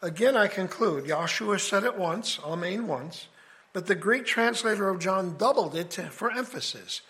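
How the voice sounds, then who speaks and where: A man with a fairly high voice gives a relaxed Bible study lecture. He talks in a conversational way and lays out his reasoning one step at a time. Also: moderate pace. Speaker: Bible teacher. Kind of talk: casual scripture study lecture.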